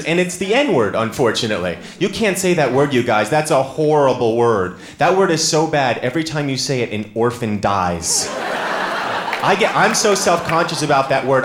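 A man doing a stand-up comedy set, talking conversationally to the crowd and breaking into loud sung and shouted bits. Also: medium pitch, background noise. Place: live comedy stage before an audience. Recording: roomy hall with audible ambience.

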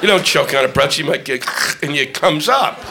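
A man performing a stand-up comedy set, ranting and profane, shouting his punchlines, recorded live on a club stage before a laughing audience. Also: a little high, expressive, brisk, creaky, a crowd in the background, noisy background.

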